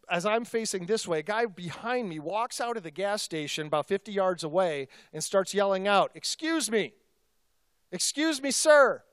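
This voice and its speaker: A male pastor telling a personal story in a sermon, in a conversational, self-deprecating and animated way. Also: high-pitched, smooth, dry recording, clean studio sound.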